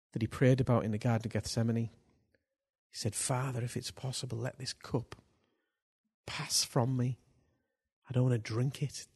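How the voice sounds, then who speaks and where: A man preaching a sermon, swinging between hushed lines and loud, drawn-out bursts for emphasis. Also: mid-range voice.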